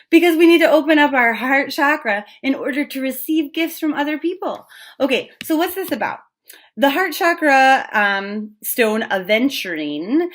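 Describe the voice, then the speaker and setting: A woman's voice: medium pitch, fairly bright tone. A woman giving a casual tarot reading, talking in a chatty, frank way with plenty of fillers and the odd swear word. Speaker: tarot reader.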